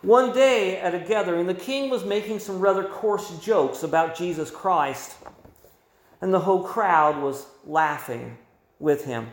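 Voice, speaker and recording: A man's voice: high-pitched, measured pace. A male pastor preaching a sermon with emphatic delivery, his voice swelling and dropping. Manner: emphatic preaching with rising and falling volume. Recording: roomy echo.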